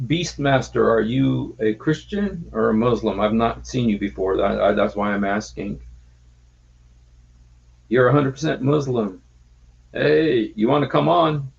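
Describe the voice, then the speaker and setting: A man chats casually on a livestream, stopping and restarting often. His voice has a gravelly texture, and the stream audio is muffled and low-fidelity. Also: a little mellow. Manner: halting, many fillers and restarts. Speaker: livestream host.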